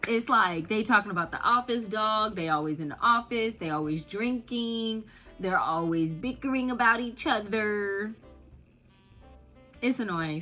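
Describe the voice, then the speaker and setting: Animated woman ranting, quick laughs. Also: medium pitch, soft background music. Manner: animated, laughing often, emphatic repetition. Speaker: vlogger. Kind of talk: casual rant to camera.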